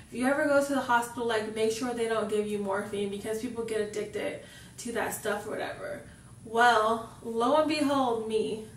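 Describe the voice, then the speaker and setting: A woman's voice: a little high, distant mic, a little hiss or hum. Chatty young woman in an echoey room. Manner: chatty, fills sentences with "like". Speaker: vlogger. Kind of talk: casual storytelling. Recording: roomy echo, mic set back.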